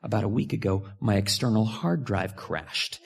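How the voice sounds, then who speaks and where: Gravelly-voiced pastor telling a story. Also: male voice, lowish voice, normal speed. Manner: storytelling, animated swings from hushed to loud. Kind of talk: sermon.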